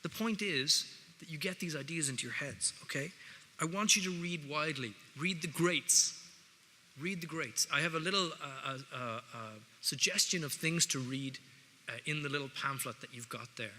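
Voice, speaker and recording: Speaking fairly quickly in a sharp, fairly high-pitched voice, an Irish man delivers a wry, chatty talk to students as a guest speaker. He tosses in jokes along the way. The large hall makes the audio reverberant, with a little noise underneath.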